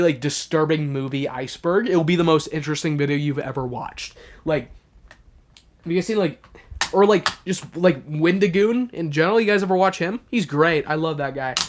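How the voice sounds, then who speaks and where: A man's voice: a little high, slight background noise. A young man hosting a casual livestream, rambling with lots of fillers as he talks to his chat. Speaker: livestream host.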